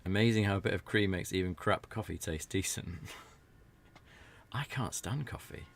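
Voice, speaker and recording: A man's voice: deep voice, normal speed, creaky, slight background noise. A British man giving rambling, jokey commentary while playing a video game. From Britain. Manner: rambling, chatty, jokey asides. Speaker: let's play streamer. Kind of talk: casual gameplay commentary.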